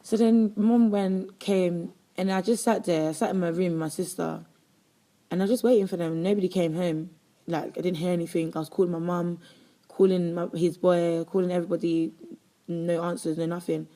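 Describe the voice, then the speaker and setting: A woman, a guest telling a personal story in an interview, rapid and animated with lots of "like". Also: lowish voice. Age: 20s.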